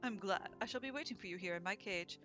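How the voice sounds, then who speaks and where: A gentle, elegant bird gentleman speaks softly and formally, voiced by a woman. His courteous lines come quieter than the rest of the reading. Faint music runs behind him. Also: mid-range voice, fast talker, lo-fi sound, close to an everyday voice. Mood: polite. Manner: soft, polite, formal. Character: gentle elegant male bird cafe owner.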